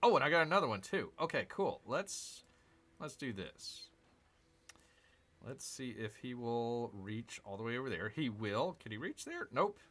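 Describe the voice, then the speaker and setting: Gaming host, male. Bright voice, unhurried, musing aloud over each move of a strategy game. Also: medium pitch, very animated. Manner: chatty, talks to himself, cheers and groans at the game. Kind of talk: casual strategy game commentary.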